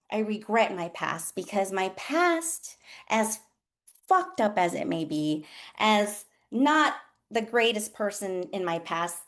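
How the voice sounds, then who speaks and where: A woman who works as a nurse coach, hosting a candid motivational talk with a group and swearing freely in an earnest, emotional way. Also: mid-range voice. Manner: talks to listeners as y'all.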